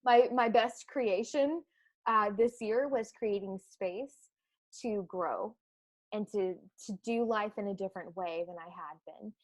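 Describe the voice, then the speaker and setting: A woman's voice: medium pitch, measured pace, no echo. A woman coach talking reflectively in a casual podcast chat, laughing often.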